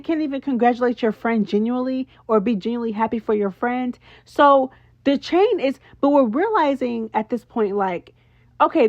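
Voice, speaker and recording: A woman's voice: fairly high pitch, no room sound, lo-fi sound. Sassy woman dishing on reality TV. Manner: sassy, animated, talks straight to viewers with slang. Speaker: reality show recap host. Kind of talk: casual recap commentary.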